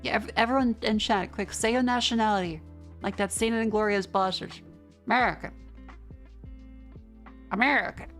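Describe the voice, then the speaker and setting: Australian woman, young adult, casual streamer reading chat, mid-pitched, soft music under. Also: fairly even intonation. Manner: chatty, quick restarts, reading chat aloud. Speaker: vtuber streamer.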